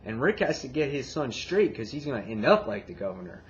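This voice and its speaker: A man casually retelling a comic book issue and reviewing it, getting excited and swearing as he acts out his reactions. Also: mid-range voice, fairly quick. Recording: dull lo-fi, faint background hiss.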